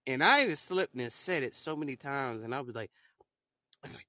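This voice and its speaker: A man's voice: sits high, sing-song, fairly quick, pushed and bright, no echo. A young man hosting a podcast in loose, casual chat, rambling in slang with lots of fillers. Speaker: podcast host.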